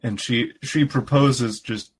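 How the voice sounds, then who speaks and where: A man's voice: mid-range voice, steady tone, slow, slightly rough. A man co-hosting a podcast, casually recapping a story and often laughing while he retells it. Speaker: podcast co-host.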